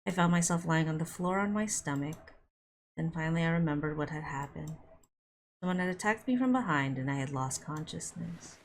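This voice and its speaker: A woman streaming a visual novel, reading its narration aloud and breaking off for quick reactions, with music under her voice. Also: sits low, a little hiss or hum. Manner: reads narration with quick asides. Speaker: game streamer.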